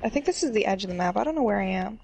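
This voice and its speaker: A woman's voice: medium pitch, animated, very fast, gravelly, crowd noise, low-quality recording. A young woman chatting casually while playing a game with a friend, laid-back and occasionally swearing. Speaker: co-player. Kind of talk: casual gaming chat.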